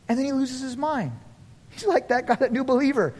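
A man preaching a sermon as pastor, animated, acting out quotes in voices and laughing often. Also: very high voice, fast. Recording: long reverb of a large hall.

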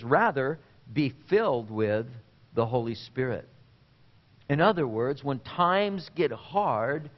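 A man preaching a sermon in an earnest way, with deliberate pauses and repeated phrases. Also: medium pitch, lo-fi sound. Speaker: pastor.

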